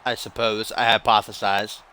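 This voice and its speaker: Bright-voiced man calling game wrestling. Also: fairly low pitch, moderate pace, slight background noise. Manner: excitable, slangy, calls the action like a wrestling announcer. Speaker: gameplay commentator. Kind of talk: casual play-by-play commentary.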